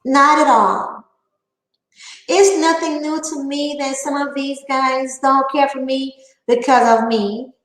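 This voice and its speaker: A woman with a Southern twang and a high voice, speaking in a casual vlog. She talks in a defiant, emphatic way, drawing out her words slowly. Her voice rings in an echoey room. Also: fairly even intonation, fairly bright tone. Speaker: channel host.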